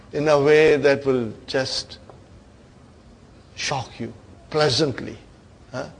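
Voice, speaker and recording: A man teaching an Arabic grammar lesson to students, coaxing them along, stretching key words and trailing off softly at the ends of phrases. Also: a little high, creaky, poor audio. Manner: coaxing, keeps asking "are you with me, brother?".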